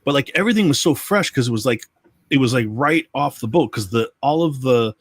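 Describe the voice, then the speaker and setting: A man's voice: medium pitch, expressive, a little fast, no echo. A man co-hosting a comics livestream, chatting casually, rambling and enthusiastic with many restarts. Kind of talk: casual chat. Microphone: livestream setup.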